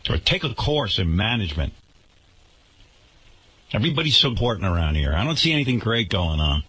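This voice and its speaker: Radio host, male, sarcastic indignant rant, husky and bright tone, lively pitch. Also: fairly quick. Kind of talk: radio talk show rant.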